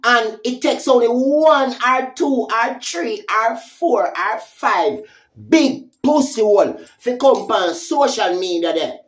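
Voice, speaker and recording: A woman's voice: on the high side, expressive, slow pace. A woman with a Jamaican accent giving a heated, profane vlog rant, confronting someone with repeated taunting questions. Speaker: social media commentator.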